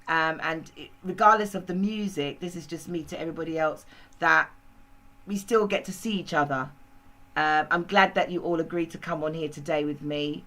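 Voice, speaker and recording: A woman's voice: deep voice, normal speed, a bit bright, poor audio. A woman hosting a casual group chat, rambling and laughing easily. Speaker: host.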